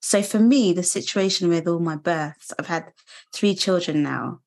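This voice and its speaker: A British woman in her thirties, a guest speaking earnestly and reflectively in an interview, pausing and restarting as she thinks. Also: fairly low pitch, darkish tone. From United Kingdom. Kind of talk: candid interview conversation.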